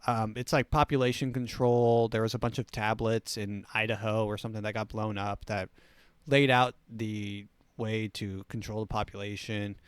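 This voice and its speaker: A man's voice: on the low side, level tone, moderate pace, smooth, dry recording. A man hosting a comedy show, reading news items and riffing on them sarcastically. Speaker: show host.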